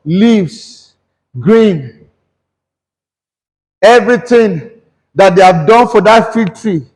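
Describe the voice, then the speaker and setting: A man's voice: sits high, animated, slow pace, a little mellow, in a large hall. A man preaching a sermon, questioning the congregation and mixing English and Yoruba. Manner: switches between English and Yoruba. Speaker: pastor.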